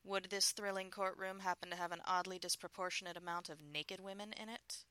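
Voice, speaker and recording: A woman reading the lines of a playful adult husband teasing his wife over the phone, in a low murmur. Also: fairly even intonation, a little fast, bright, forceful tone, no echo.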